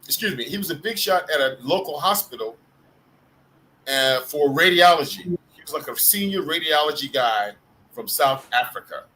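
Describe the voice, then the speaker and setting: A man's voice: on the high side, animated, moderate pace, bright, forceful tone, a little hiss or hum, low-quality recording. A man hosting a live group video call, telling rambling, profane stories with bursts of laughter. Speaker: host of a live group chat. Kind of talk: casual storytelling chat.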